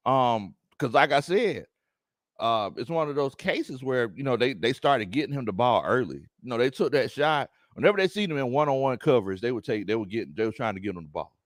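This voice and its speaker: Lively, laughing sports host. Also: male voice, medium pitch, fairly quick, no room sound, clean studio sound. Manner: excitable, laughs often, teasing. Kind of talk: live-stream sports chat, reading viewer comments.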